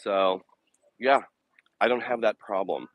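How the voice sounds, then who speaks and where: A man with a fairly low pitch speaks at a measured pace in a dry recording. He's a vlogger streaming live while walking his dogs outside on a city path, casual and blunt, sarcastic, and swearing often.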